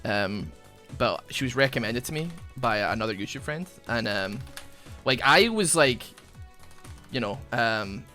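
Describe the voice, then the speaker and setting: A man chatting casually while he plays, his voice bright and forward, swinging widely up and down in pitch as he rambles through a story full of "like"s. Faint music sits underneath. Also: measured pace. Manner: rambling storyteller, many fillers; animated, bursts of laughter. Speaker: gaming YouTuber. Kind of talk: casual chat over gameplay.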